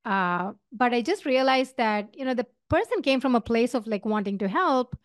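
A woman's voice: a little high, animated, moderate pace, no echo, clean studio sound. A middle-aged woman with an Indian accent gives career advice in an earnest, conversational way, with fillers and restarts. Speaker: podcast host. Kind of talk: solo advice talk.

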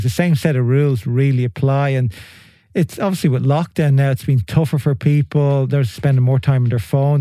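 A man's voice: mid-range voice, dark tone, no room sound. A man hosting a podcast, chatting casually and thinking aloud with friendly restarts. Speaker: podcast host.

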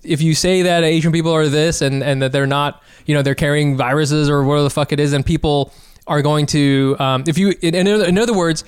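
Male comedy co-host, rambling sarcasm, smooth, dry close-mic sound. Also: a little high, steady tone, brisk, dry recording. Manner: rambling, sarcastic, many restarts. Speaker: podcast co-host. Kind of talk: casual comedy podcast chat.

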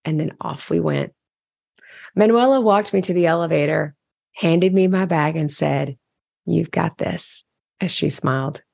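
A woman's voice: low-pitched, moderate pace, gravelly, a little mellow, dry recording, studio quality. A woman candidly narrating a personal diary entry, reflective and storytelling. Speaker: caregiver sharing a diary entry.

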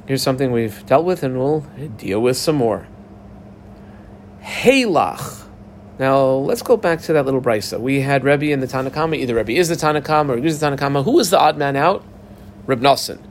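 Animated man teaching Talmud. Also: medium pitch, normal speed, pauses often, a little hiss or hum. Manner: animated, acts out the parties in a dialogue. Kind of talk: casual Talmud class explanation.

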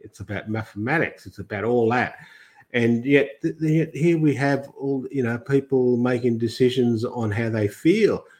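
A man's voice: medium pitch, moderate pace, darkish tone. An older man from Australia, a guest in a political interview, talking in long rambling sentences full of restarts and quoted asides.

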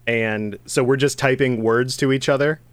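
A man co-hosting a podcast in casual chat, animated and quick to laugh, with rambling asides. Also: medium pitch, clear, resonant tone. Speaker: podcast co-host.

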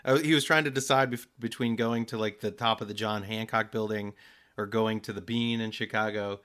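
Bright-toned man in casual podcast banter. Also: on the low side, fairly even intonation, a little fast, clear, resonant tone. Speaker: podcast co-host. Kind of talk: casual chat.

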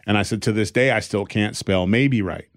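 A man's voice: lowish voice, normal speed. A male comedian telling stories in casual podcast chat, rambling a little and acting out the people he quotes. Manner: rambling, with restarts and fillers.

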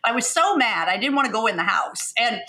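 Bright animated woman telling a story. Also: fairly high pitch, a little fast. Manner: animated storyteller, acts out quoted dialogue, laughs often. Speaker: podcast guest, agency founder. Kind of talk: storytelling interview answer.

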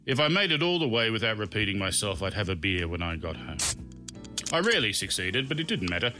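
A man's voice: on the low side, sing-song, fast, music in the background. A man hosting and narrating his own comic memoir in a wry, self-mocking storytelling manner. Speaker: podcast host and narrator.

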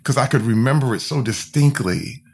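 A man's voice: mid-range voice, expressive, moderate pace, slightly rough. A man from Flint, Michigan, speaking as a podcast guest, telling his own story candidly and emphatically, full of fillers and restarts. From Flint, Michigan, USA.

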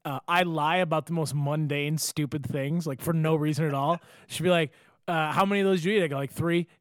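High-voiced animated young man, very dry sound. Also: a little fast, no room sound. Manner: animated storytelling, acting out both sides of conversations, swearing. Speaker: podcast co-host. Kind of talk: casual chat.

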